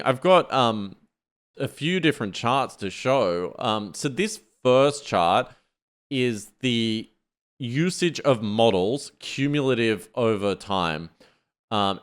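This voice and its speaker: A man's voice: lowish voice, smooth. A man co-hosting a tech podcast, talking loosely with many fillers. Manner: loose, filler-heavy, uses "like" a lot. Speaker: podcast co-host. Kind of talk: casual tech podcast chat.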